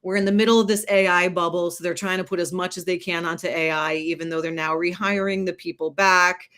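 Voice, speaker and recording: A woman co-hosting a casual live chat as a career coach, bubbly and excitable. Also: fairly low pitch, a little fast.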